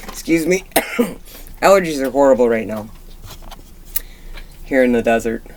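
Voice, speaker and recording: Thirties woman vlogging, chatty and halting, full of ums and restarts, reflective. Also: a bass voice, lively intonation, darkish tone, a little hiss or hum. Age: 30s. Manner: candid and reflective. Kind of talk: rambling personal vlog.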